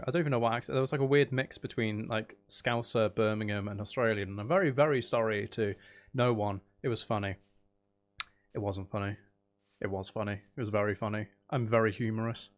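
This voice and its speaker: This man's voice sits on the low side, with a steady tone and brisk delivery. He's live-streaming a video game, chatting loosely with viewers, joking and poking fun at himself as he plays.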